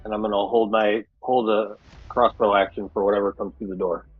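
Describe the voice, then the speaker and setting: Husky-voiced male player, dull lo-fi mic. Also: on the low side, flat delivery, brisk, no room sound, faint music behind. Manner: hesitant, clears throat often. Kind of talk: playing a tabletop game.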